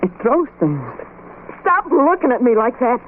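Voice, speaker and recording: Young woman, anxious and pleading, high lively voice; old radio drama, phone-thin with faint hiss. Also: normal speed. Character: frightened young working women arguing. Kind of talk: 1930s radio acting. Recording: tinny hissy old radio broadcast.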